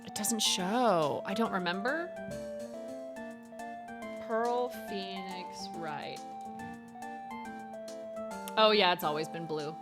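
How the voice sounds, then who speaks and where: A woman's voice: on the low side, lively intonation, normal speed, hardly any pauses. A young woman casually chatting while playing a game, laughing often and swearing freely over game music. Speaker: gaming streamer. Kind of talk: casual let's-play chat.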